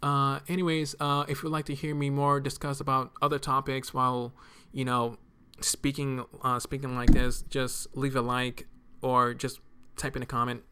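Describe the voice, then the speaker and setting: A man talking softly at home in a casual rambling monologue, halting with many fillers and stumbles. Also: mid-range voice, level tone, a little hiss or hum. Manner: speaks softly to keep quiet at home. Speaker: art video creator. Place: apartment room at home.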